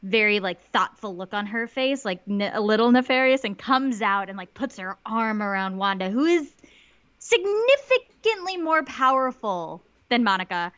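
A woman's voice: fairly high pitch, expressive, normal speed, fairly bright tone, no room sound, lo-fi sound. A woman co-hosting a podcast, recapping a TV episode in casual chat with lots of "like" fillers. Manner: chatty, many "like" fillers, quotes lines in little voices. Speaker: podcast co-host.

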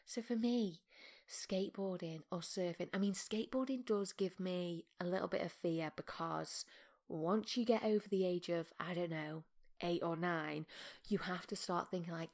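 A woman in her thirties hosts her podcast in a casual solo monologue. Her voice sits low and carries a gravelly fry. She talks softly, often drifting into a half-whisper, and pokes gentle fun at herself. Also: a little slow. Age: 30s. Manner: soft, often half-whispered, self-mocking. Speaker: podcast host.

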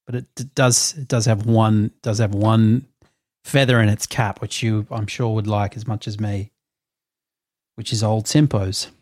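A man co-hosts a casual podcast. He is jokey and quick to chime in while his partner talks. His voice sits a little low, close and dry. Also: fairly even intonation, a little mellow, no echo. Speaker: podcast co-host. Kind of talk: casual chat.

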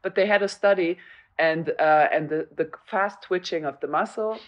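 A woman's voice: on the low side, normal speed, dull audio. A woman co-hosting a tennis podcast, chatting casually and analytically and laughing easily. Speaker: podcast co-host, former player.

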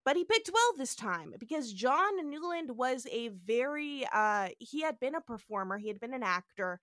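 A woman co-hosting a casual podcast, animated and laughing as she tells trivia. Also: sits high, moderate pace, dry recording, clean studio sound. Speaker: podcast co-host.

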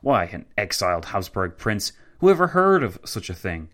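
A man voicing a brash, provocative male prime minister who talks loudly and needles others. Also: on the low side, very animated. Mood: needling. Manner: loud, needling, quick.

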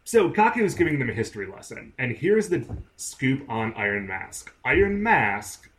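Wry man with a bright voice. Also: mid-range voice, big pitch swings, normal speed. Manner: dry, wry quips. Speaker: podcast co-host. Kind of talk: casual chat recapping a TV show.

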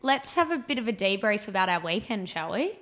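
A woman's voice: mid-range voice, big pitch swings, a little fast, fairly bright tone. A woman co-hosting a casual chat podcast, upbeat and playful. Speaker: podcast co-host.

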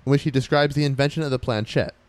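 A man hosting a podcast in a casual, animated and chatty way. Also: medium pitch, fast. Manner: animated, chatty, frequent fillers. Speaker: podcast host.

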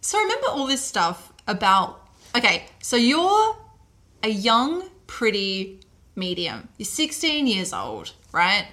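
Bright-voiced woman telling a story casually. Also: fairly high pitch, slow. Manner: relaxed, many fillers, laughs easily. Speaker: podcast host telling a history story.

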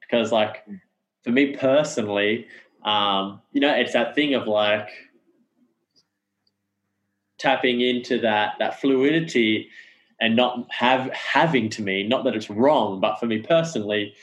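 A man's voice: mid-range voice, a little slow, pauses often, a bit bright, low-quality recording. A man as a podcast guest, talking in a rambling casual way with many fillers. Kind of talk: casual chat.

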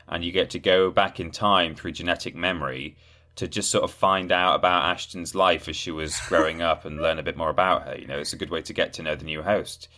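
Low-voiced guy on a gaming podcast, deadpan jokes, casual chat. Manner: dry, deadpan joking. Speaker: podcast co-host.

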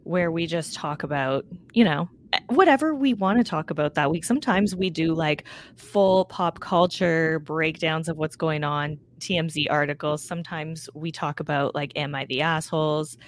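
A woman's voice: low-pitched, normal speed, slight background noise. A woman guesting on a podcast, chatting in an upbeat, casual way with lots of "like". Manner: chatty, upbeat, uses many fillers like "like". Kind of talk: casual chat.

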